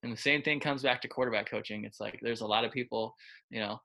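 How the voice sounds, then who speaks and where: A quarterback coach tells stories in a casual interview, loose and chatty, with plenty of filler words and acted-out quotes. His medium-pitched voice is steady, pushed and bright, with vocal fry, and he talks quickly.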